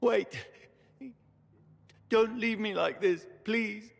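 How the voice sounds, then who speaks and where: A man's voice: fairly high pitch, lively intonation, slow pace, creaky, husky, big-room sound, full character voice. An actor voicing a tortured, dying male knight in a video game, weak, strained and desperate. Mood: pleading. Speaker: game character.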